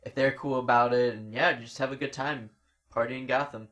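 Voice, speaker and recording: A young man with a mid-pitched voice chats casually with friends. He sounds relaxed and easygoing, growing excited at times. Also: a little fast. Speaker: co-host. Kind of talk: casual chat.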